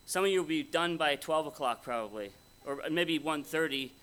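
Casting: male preacher, somewhat high, bright voice, folksy and conversational. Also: moderate pace, smooth. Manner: conversational, folksy, asks the audience questions. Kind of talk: sermon. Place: conference hall before an audience.

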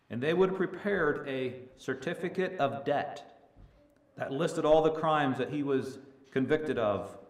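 A male preacher giving a sermon who swells from hushed to loud and stretches key words. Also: mid-range voice. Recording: echoey room with faint ambience.

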